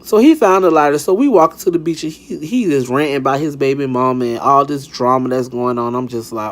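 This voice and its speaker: A man's voice: mid-range voice, brisk, few pauses. A young man telling a casual storytime, sassy and dramatic, swearing freely and acting out the dialogue.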